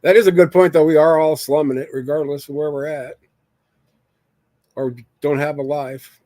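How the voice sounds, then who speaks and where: A man's voice: a little high, fairly even intonation, normal speed, darkish tone, no room sound. Chatty man streaming alone, dry close mic. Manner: rambling, jokey, reads chat aloud. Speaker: live streamer. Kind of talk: casual live-stream chat with viewers.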